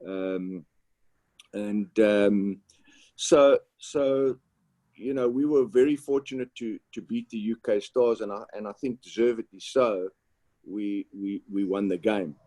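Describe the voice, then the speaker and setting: A man's voice: fairly low pitch, slow pace, mellow, no room sound. Brief: man telling a story on a video call, repeats words, dry close sound. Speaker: panelist, former footballer. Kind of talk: storytelling on an online panel.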